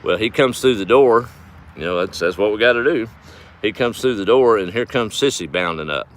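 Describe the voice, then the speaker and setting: A man's voice: lowish voice, expressive, brisk. A man telling folksy farm stories on a casual livestream, chuckling as he rambles. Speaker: farm vlogger.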